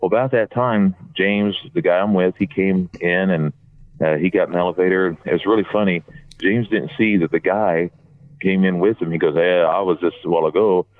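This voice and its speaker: Telling meandering anecdotes about a fan event, a man phones into a podcast he regularly joins, full of false starts and restarts. He has a deep voice with fairly even intonation and a moderate pace. The phone line sounds dry and tinny, with no room sound.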